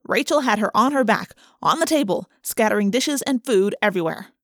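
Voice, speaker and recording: Woman narrating a teen novel, expressive. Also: medium pitch, no echo, studio quality. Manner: expressive, wry, conversational. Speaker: audiobook reader. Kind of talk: first-person novel narration.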